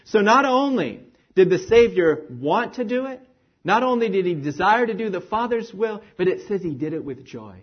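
A male preacher delivers a sermon in a husky, rather high voice that leaps and falls with lively emphasis. He swings from ringing declarations down to hushed near-whispers. The recording is dull and lo-fi. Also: moderate pace. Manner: animated, rising and falling emphasis, drops to near-whisper.

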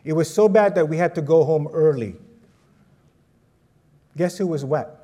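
Preacher guy telling a story, mellow and a bit high, asks the crowd stuff. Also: measured pace, a little hiss or hum. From Philippines. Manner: animated, conversational, asks the audience questions. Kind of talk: sermon with personal storytelling.

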